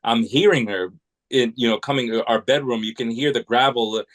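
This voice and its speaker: On a podcast, a male guest from New England tells meandering stories in an easygoing way, starting over again and again. He speaks at a normal pace with a medium, fairly bright voice, captured in a rough recording.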